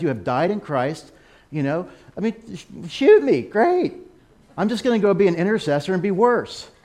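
An American man giving a sermon over a slideshow, animated, with laughing asides and excited exclamations. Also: a little high. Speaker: missionary speaker.

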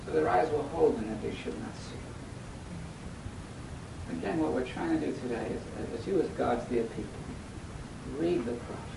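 A man's voice: moderate pace, gravelly, long pauses. A man preaching a sermon, reading scripture aloud and quizzing his listeners to finish the verses. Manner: acts out lively quoted voices. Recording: echoey hall, mic at a distance, faint rumble.

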